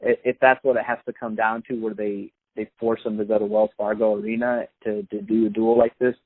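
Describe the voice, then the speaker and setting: A man's voice: fairly low pitch, little pitch movement, a little fast, no echo. A man hosting a podcast, talking casually with many fillers and restarts. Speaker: podcast host. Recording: phone-like, dry sound.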